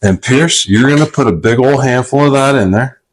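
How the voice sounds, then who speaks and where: A man, a dad, hosting a casual family cooking show in a home kitchen with playful hype-man patter and shout-outs. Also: medium pitch, normal speed, a little hiss or hum, rough recording.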